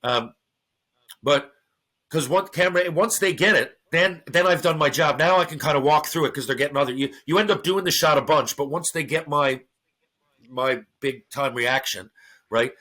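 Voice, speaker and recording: A middle-aged man, on as a podcast guest, tells a story in casual, profane language and performs the voices of the people in it. His voice sits on the high side, and he speaks at a moderate pace with an animated delivery.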